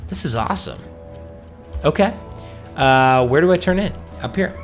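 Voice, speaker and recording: A man's voice: fairly high pitch, expressive, moderate pace, faint music behind. A man hosting a let's play, chatting enthusiastically and reading quest dialogue aloud in a storytelling tone. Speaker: gaming host.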